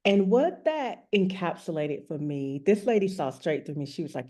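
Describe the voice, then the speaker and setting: A woman speaks as a guest in an interview, telling her own story in a candid, reflective way. Her voice sits low, with a mellow, relaxed tone. She talks earnestly and plainly as a rest coach and author. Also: moderate pace.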